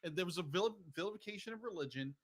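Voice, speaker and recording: A man's voice: sits high, animated, fast. A man hosting a casual film discussion podcast, rambling and restarting his sentences. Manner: rambling, restarts often, keeps saying "be like". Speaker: podcast host.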